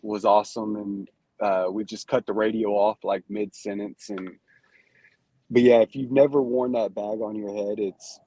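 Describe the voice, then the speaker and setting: A man with a low, mellow voice explains things in a relaxed way, stopping to restart his sentences. His tone has a slight husk. The recording is dry. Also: moderate pace, no room sound, poor audio. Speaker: paintball referee. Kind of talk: casual chat.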